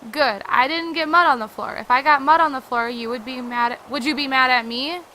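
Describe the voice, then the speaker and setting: A woman's voice: high-pitched, sharp tone, a little hiss or hum, rough recording. A woman doing a fretful, literal young man. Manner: fussy, rushed, repeats himself. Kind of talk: reading game dialogue aloud.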